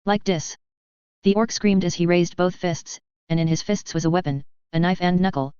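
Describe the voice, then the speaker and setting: Woman reading fan fiction aloud, steady, super clear lowish voice, dry. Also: a little fast, dry recording, highs cut off. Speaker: narrator.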